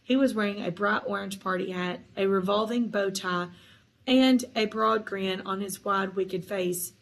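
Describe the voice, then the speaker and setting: A woman's voice: medium pitch, measured pace, creaky, a bit bright, rough recording. Woman reading a story aloud. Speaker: narrator. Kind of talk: audiobook narration.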